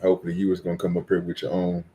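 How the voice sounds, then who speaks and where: Deep-voiced halting man co-host. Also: monotone, a loud crowd. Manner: hesitant, halting. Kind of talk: casual podcast chat.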